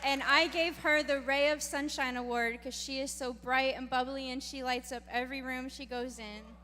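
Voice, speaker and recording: A woman's voice: high voice, steady tone, moderate pace, pushed and bright. A woman who teaches fifth and sixth grade presenting awards at a graduation, praising each student. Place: graduation ceremony hall. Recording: reverberant hall, faint crowd.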